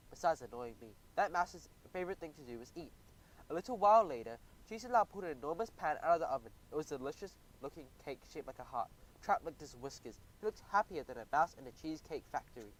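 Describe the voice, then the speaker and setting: A man narrating a children's audiobook in the first person, animated and expressive. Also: a little high, poor audio.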